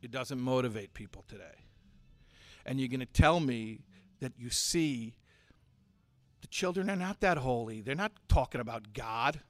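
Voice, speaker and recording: A man teaching and preaching to a community audience, moving from hushed storytelling to forceful, impassioned exhortation. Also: medium pitch, animated, moderate pace, no echo. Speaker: Torah teacher and speaker.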